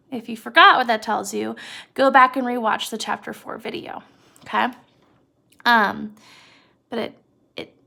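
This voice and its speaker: Gravelly-voiced woman teacher. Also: on the high side, fairly bright tone. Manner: casual, conversational, checks in with "okay?". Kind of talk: recorded video lesson.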